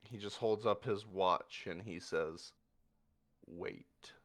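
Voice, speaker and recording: A man narrating a tabletop game as game master, describing a battle slowly and vividly. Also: lowish voice, steady tone, fairly bright tone. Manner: slow, vivid scene narration.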